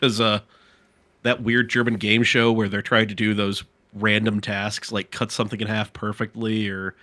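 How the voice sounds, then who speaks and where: Animated swearing man on a dry mic. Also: fairly low pitch, normal speed, no room sound. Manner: animated storyteller, swears for emphasis. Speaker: podcast co-host. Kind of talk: casual chat on a live stream.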